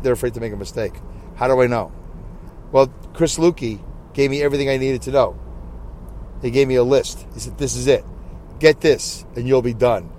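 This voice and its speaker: A man hosting a podcast, chatting casually and rambling to himself while driving. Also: mid-range voice. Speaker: podcast host. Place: inside a moving car. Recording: car interior with road noise.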